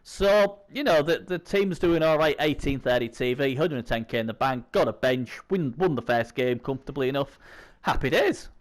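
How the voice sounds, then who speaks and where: Hoarse man rambling as host. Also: mid-range voice, brisk, hardly any pauses. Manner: rambling, filler-heavy. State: sore throat, strained voice. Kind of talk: casual gaming preview chat.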